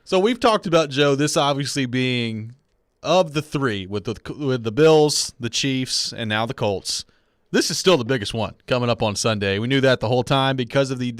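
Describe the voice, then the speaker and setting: A man hosting a sports radio show, laying out long, earnest questions about the week's game. His voice sits at a middle pitch, recorded close in a dry studio. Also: a bit bright, no room sound. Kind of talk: radio talk and live read promo.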